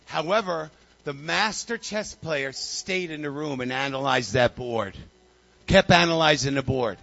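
A man's voice: fairly high pitch, measured pace, vocal fry, fairly bright tone, muffled recording. A man preaching a sermon to his congregation, a fervent storyteller who repeats phrases and calls people forward. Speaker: pastor. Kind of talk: sermon with altar call. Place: church sanctuary.

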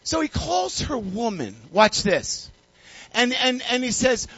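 High-voiced fiery man preaching. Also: very animated, takes it slowly, husky, dry recording, dull audio. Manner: call-and-response preaching, building to shouts. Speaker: pastor. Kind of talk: sermon.

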